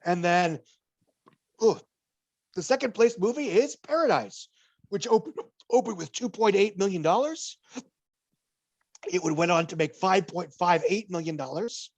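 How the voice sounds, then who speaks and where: A man's voice: high voice, expressive, measured pace, pauses often, a little mellow. A man co-hosting a podcast, giving a box office report in casual chat, wry and digressive, slipping dry jokes between figures.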